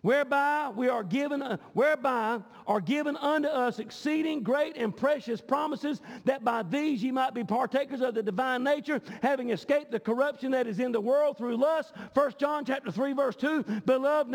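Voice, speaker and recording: A man's voice: very high-pitched, normal speed, hardly any pauses. A man pastor, preaching a sermon with passion and often repeating words as he goes. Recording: long hall reverb.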